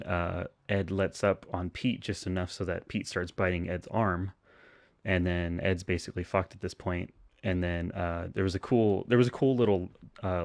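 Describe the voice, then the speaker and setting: In relaxed podcast banter, this co-host walks through a movie's storyline in a very low voice, stumbling over ums, restarting sentences and laughing a lot. It's recorded up close with a dry sound and no reverb.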